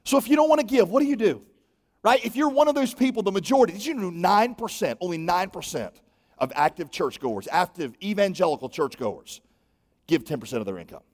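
High-voiced man preaching in a hall. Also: a little fast. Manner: animated storytelling with acted-out dialogue. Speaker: pastor. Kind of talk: sermon. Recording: long hall reverb.

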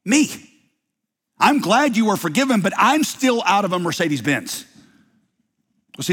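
A man preaching a sermon as pastor, emphatic, swinging from loud bursts to hushed low lines. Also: husky. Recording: long reverb of a large hall.

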